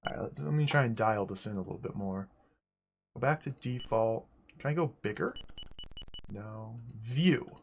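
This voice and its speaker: A man streaming a game live, talking through it aloud in an excitable, joking way. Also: lowish voice, moderate pace, gravelly, pauses often, a little hiss or hum. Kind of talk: casual live gameplay commentary.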